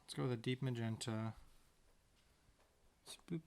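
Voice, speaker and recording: As he paints a tiny picture, a painter and video maker with a gravelly, mid-range voice narrates at a moderate pace. It's casual rambling to himself, sprinkled with playful sound words.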